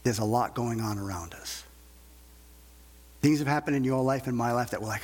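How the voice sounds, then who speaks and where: Husky-voiced preacher with a reverberant sound. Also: male voice, medium pitch, normal speed, darkish tone. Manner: conversational preaching with rhetorical questions and repeated restarts. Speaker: pastor. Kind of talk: sermon.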